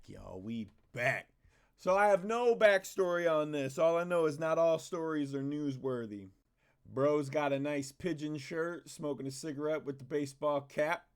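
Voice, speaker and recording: A man hosting a reaction video, talking in a casual, joking, profane way. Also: on the high side. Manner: joking, profane, laid-back.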